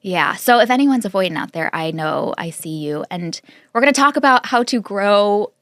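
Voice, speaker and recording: A woman co-hosting a podcast in casual chat, playful and quick to giggle. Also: medium pitch, lively intonation, no room sound, studio quality. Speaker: podcast co-host.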